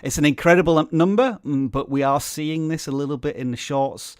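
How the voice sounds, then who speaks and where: A man's voice: fairly high pitch, fairly quick, smooth, no echo, studio quality. A man co-hosting a livestream, chatty and upbeat. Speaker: co-host reviewing channels. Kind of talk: livestream casual chat.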